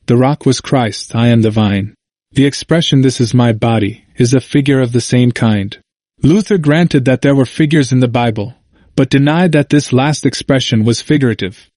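A man reading a history book aloud in steady, measured scripted narration, lifting his voice for quoted speeches. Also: medium pitch, no echo. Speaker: audiobook reader.

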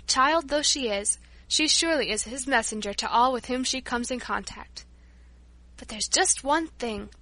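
A woman's voice: sits high, normal speed, no room sound, rough recording. Woman doing a kindly, motherly woman. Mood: gentle. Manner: soft, hesitant, gentle.

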